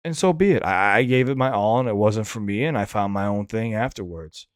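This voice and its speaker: A man's voice: fairly low pitch, expressive, a little fast, clean tone, no room sound, clean studio sound. A man hosting a reaction channel who also raps. He gives casual, candid commentary that rambles, restarts often and swears freely. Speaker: reaction channel host and rapper.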